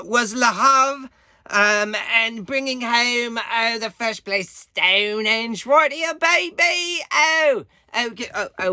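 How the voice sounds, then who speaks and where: Guy rambling thru a casual update, slow and halting with lots of ums, bright voice, dry close sound. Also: high voice, clear, resonant tone, dry recording. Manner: halting, many fillers, unhurried. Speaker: air guitarist giving competition updates.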